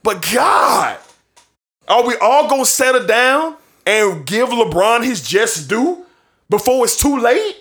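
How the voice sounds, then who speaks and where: A sports show host rants with emphasis, restating his points for effect with bursts of laughter in between. His voice is very high-pitched, very animated and fairly bright, though he speaks slowly.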